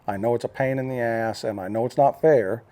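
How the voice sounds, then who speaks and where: A man's voice: mid-range voice, brisk, mellow. An older man from the United States telling a story in a casual talking-head vlog, rambling with fillers and restarts. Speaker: vlogger.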